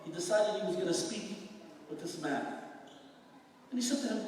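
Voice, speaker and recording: A man with a very high voice, rabbi style, preaching to a gathering, chanting passages and then telling stories. He sounds far from the microphone, with a long echoing reverb filling a large hall. A faint hum of the room sits underneath. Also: normal speed, long pauses, darkish tone. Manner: chants Talmud phrases, then explains them. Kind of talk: sermon with storytelling. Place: large hall at a memorial event.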